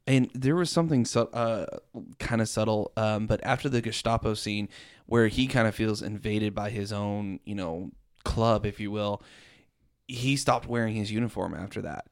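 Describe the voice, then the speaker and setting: A man in a casual film chat, animated and swearing as he acts out his reactions. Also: lowish voice, moderate pace, dry recording, clean studio sound. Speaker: film reviewer.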